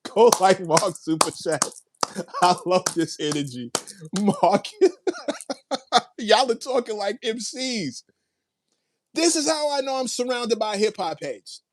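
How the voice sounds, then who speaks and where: A man's voice: sits high, lively intonation, unhurried, a little hiss or hum. A man hosting a casual livestream, reacting to viewer comments with hyped, laughing energy, playful slang and lots of repeated phrases. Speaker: livestream host.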